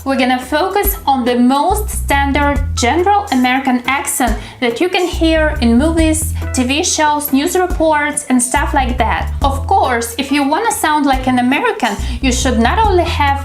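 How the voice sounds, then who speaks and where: High-pitched woman, English teacher, slow deliberate modeling, echoey room, faint music. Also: animated. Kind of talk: scripted pronunciation lesson. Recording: roomy echo with soft music behind. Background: faint background music.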